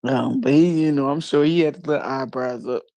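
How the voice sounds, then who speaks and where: A woman's voice: very deep voice, brisk, no room sound. A woman chatting casually, telling a funny story with lots of laughter and voices. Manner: animated storyteller, laughs often. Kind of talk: casual chat.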